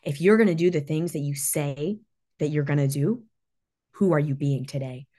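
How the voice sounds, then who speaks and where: A woman's voice: low voice, moderate pace, dark tone. A woman in her thirties hosting a motivational podcast, talking intensely with emphatic repetition and frequent swearing. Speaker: podcast host. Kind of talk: motivational monologue.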